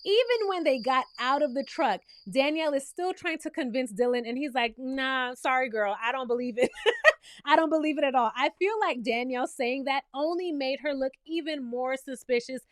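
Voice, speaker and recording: Woman, high-pitched, sassy recap host; animated, addresses the viewer directly; dry, close sound. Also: moderate pace, no room sound. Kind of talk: recap and review commentary.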